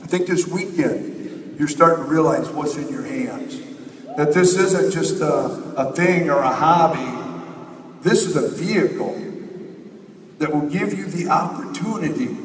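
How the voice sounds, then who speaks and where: A man's voice: sits high, fairly bright tone, slight background noise. A man giving a rousing, repetitive motivational speech to a conference audience from a stage. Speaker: company leader speaking at a conference. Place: large conference hall. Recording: echoey hall from far off.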